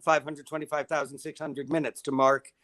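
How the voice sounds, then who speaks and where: A man's voice: on the high side, flat delivery, fairly quick, a bit bright. An older man, a guest in a casual interview, telling long stories in a wry, self-deprecating way.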